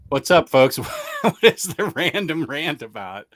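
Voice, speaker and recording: A man's voice: a little high, very animated, measured pace, a bit bright, no room sound. A man hosting a casual livestream, reading out viewer comments with rambling, self-mocking asides and laughs mid-sentence. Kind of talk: casual chat.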